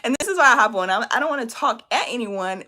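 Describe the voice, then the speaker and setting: A woman business coach talks on a live stream, emotional and close to tears. Her voice sits a little high and sounds bright. She is emphatic and encouraging, and keeps asking "okay?" and "right?". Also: lively intonation, quick pace. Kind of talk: live-stream motivational talk.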